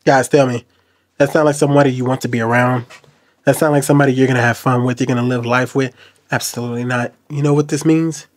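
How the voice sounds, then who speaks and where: A man commenting on a video clip to his viewers, jumping between loud outbursts and low, quiet asides. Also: fairly even intonation, fast. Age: adult. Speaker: reaction commentator. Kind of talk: casual commentary to camera.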